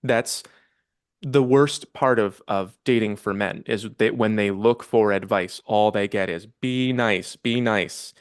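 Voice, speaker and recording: A man with a low, smooth, resonant voice speaks as a guest on a podcast. He explains his ideas calmly in conversation, and the sound is dry and close. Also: measured pace, dry recording.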